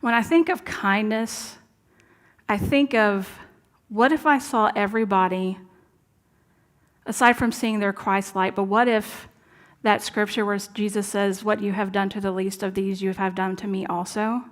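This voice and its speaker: A woman's voice: mid-range voice, steady tone, measured pace. Earnest woman preaching conversationally. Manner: conversational, earnest, drops to soft asides. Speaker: minister. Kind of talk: sermon. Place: church sanctuary.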